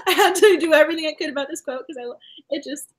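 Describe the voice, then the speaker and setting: A woman co-hosting a casual romance book discussion, animated and laughing often. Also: high voice, a little fast. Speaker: book club co-host.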